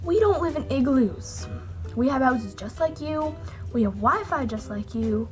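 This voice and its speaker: A woman's voice: sits high, animated, a little slow, soft background music. A woman vlogging to camera in a chatty, rambling, jokey way, sounding a little sick with a cold. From Canada. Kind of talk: casual chat to camera.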